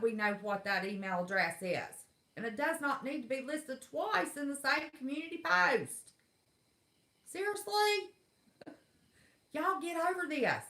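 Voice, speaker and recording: A middle-aged woman with a twang chats on a livestream in a folksy, blunt manner. Her voice sits a little high and swings widely up and down. The sound is echoey, as if in a bare room. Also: bright, forceful tone. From West Virginia. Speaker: livestream host. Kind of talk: casual live chat rant.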